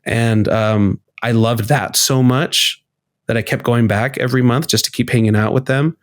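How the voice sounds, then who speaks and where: A man's voice: fairly even intonation, moderate pace, dry recording, studio quality. Candid man talking loosely, swearing as he goes. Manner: reflective, casual and profane, acts out his inner voices with rising pitch. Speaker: podcast guest, poet. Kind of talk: candid conversational interview.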